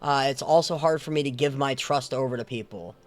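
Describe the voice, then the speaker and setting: A man's voice: medium pitch, brisk. A man playing a tabletop game, talking in character with rambling, mock-grand pronouncements. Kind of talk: in-character roleplay.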